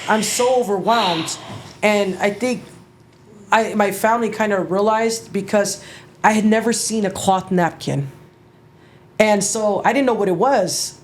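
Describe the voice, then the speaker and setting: A middle-aged woman, an interview guest, telling her story in a halting, emotional way, with restarts and casual swearing. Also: medium pitch, darkish tone. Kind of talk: personal storytelling.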